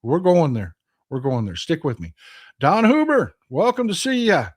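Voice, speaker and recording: A man's voice: a little high, huge pitch swings, normal speed. Texan man hosting a live stream. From Texas. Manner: reads chat aloud, greets viewers by name, self-correcting restarts. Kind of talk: casual live stream chat reading viewer comments.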